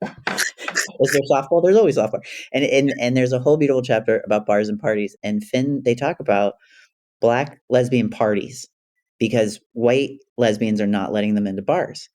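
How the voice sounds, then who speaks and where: A man hosts the podcast in a casual, chatty way. He speaks eagerly and bookishly, often in quick bursts of enthusiasm. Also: medium pitch, darkish tone. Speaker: podcast host. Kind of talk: casual interview chat.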